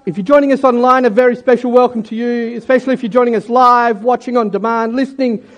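High-voiced male preacher. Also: fairly even intonation, fast talker, highs cut off. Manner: jokey and conversational. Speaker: pastor. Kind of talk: sermon.

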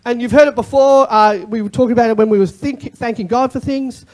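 A pastor preaching a sermon in an animated way, with joking asides and repeated key phrases. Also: mid-range voice, brisk.

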